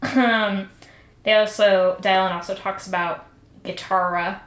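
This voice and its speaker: A woman co-hosts a podcast, recapping a book with animated, profane storytelling. Her voice sits in a roomy space with a faint hiss behind it. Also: mid-range voice, a little slow. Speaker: podcast co-host. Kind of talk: casual chat recapping a book. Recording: roomy sound with faint noise.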